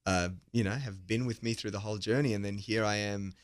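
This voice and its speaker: A man's voice: on the low side, fairly even intonation, fairly quick. A young Australian man, a singer guesting in a radio studio, chatting easily with lots of "you know" and frequent laughs. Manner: easygoing, laughs often, fillers like "you know". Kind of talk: casual radio interview chat.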